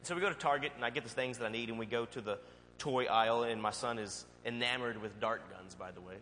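A male pastor preaching a sermon and telling a personal story in a conversational, animated way. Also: medium pitch, fast talker. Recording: long hall reverb, faint hum.

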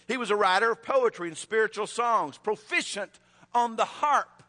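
Preacher man, high bright voice, chatty storytelling sermon, echoey church hall. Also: moderate pace. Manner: storytelling, conversational, with restarts.

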